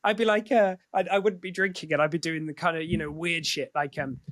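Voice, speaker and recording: A man's voice: a little high, steady tone, a little fast, fairly bright tone, dry recording. A man speaking as a podcast guest in candid, casual conversation, swearing freely and often restarting his sentences.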